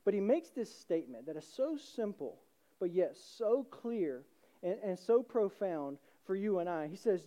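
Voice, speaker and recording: A man's voice: high-pitched, very animated, measured pace, warm tone. A man preaching a sermon with passionate, rising emphasis. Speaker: pastor.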